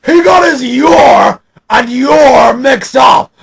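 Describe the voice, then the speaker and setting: A man playing a shrieking, gravelly arch-villain. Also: very high-pitched, slow pace, crowd noise, exaggerated voice. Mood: ranting villain. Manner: shouty, melodramatic, breaks character to complain. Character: ranting villainous mastermind, adult male. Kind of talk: fan parody audio drama.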